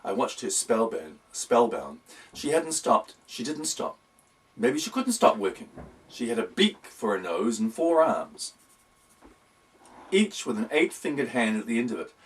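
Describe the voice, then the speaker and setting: A man's voice: medium pitch, sing-song, unhurried. A man narrating a whimsical storybook in a wry, playful tone. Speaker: audiobook reader. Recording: voice distant from the mic.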